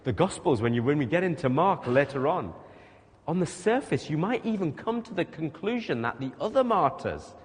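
Male preacher, lively sermon delivery, big echo of a hall. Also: fairly high pitch, normal speed. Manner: emphatic, animated, rhetorical questions to the congregation. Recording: long reverb of a large hall.

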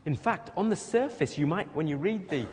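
A man's voice: on the high side, lively intonation, normal speed, a little mellow. A man preaching a sermon, speaking emphatically and putting rhetorical questions to the congregation. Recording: long reverb of a large hall.

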